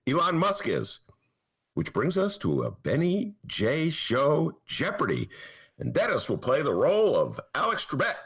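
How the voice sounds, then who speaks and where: A man's voice: a little high, huge pitch swings, unhurried, a bit bright, breathy edge. A man hosting a comedic political talk show from his apartment, sarcastic and mocking. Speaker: host and newspaper columnist. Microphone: headphones and mic.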